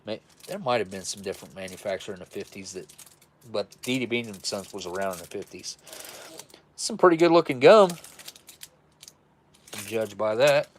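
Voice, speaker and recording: A man's voice: lowish voice, lively intonation, moderate pace, pauses often, slight background noise. Folksy self-described redneck man. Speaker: livestream host reviewing military rations. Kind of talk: casual livestream chat.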